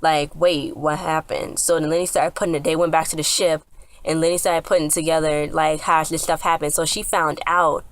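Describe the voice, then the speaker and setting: Low-voiced woman rambling through an episode recap. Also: level tone, fairly quick. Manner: rambling, many fillers and restarts. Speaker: TV episode reviewer.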